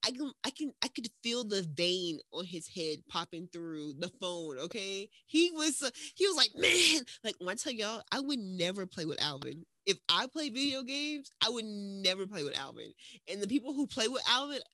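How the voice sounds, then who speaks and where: Woman co-host, lively and bright, dry close sound, rambling, teasing banter. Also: mid-range voice, moderate pace, no room sound. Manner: animated, rambling, teasing, profane. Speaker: podcast co-host. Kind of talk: casual chat. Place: at home in another city from her co-host.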